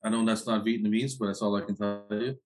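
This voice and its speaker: A middle-aged man co-hosting a casual movie podcast, halting and full of fillers. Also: on the low side, steady tone. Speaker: podcast co-host. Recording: loud background noise.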